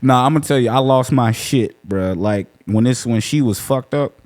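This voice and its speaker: A man talks casually on a podcast and swears freely as he retells a scene. His voice sits in a middle pitch, and his delivery is loose and animated. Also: moderate pace. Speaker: podcast panelist. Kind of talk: casual profane chat.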